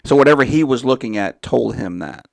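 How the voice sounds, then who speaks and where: A man hosting a podcast interview, calmly asking short follow-up questions. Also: mid-range voice, a little fast, gravelly. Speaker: podcast host. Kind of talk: interview, brief prompts and questions.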